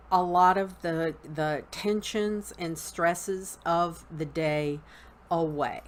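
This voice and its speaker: A woman with a Southern US accent, teaching an online class in an unhurried, halting way with frequent ums. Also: fairly low pitch, slight background noise. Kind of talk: unscripted spoken lesson.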